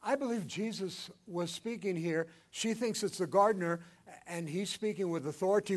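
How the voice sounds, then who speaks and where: An older man preaching a sermon, swinging between loud emphatic lines and hushed ones. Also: high voice, normal speed. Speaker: pastor.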